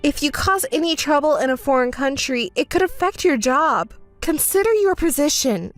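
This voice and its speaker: A woman's voice: high-pitched, expressive, normal speed, faint music behind. A woman voicing a young bride who is hurt and indignant with her husband, read as a text-message story. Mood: stern. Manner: exasperated, scolding.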